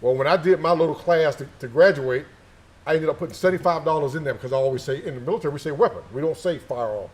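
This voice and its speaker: A man's voice: on the high side, racing. Folksy middle-aged man, chatty ex-soldier. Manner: folksy, repeats phrases, teasing. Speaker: former army sniper instructor. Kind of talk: casual interview chat. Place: indoor gun shop event space.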